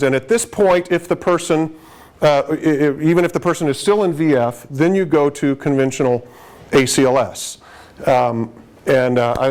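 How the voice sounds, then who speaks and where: Guy teaching a room of medics, kinda high voice, chatty, keeps restarting sentences. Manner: conversational, restarts, stresses key points. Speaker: emergency medicine lecturer. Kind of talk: live lecture to paramedics.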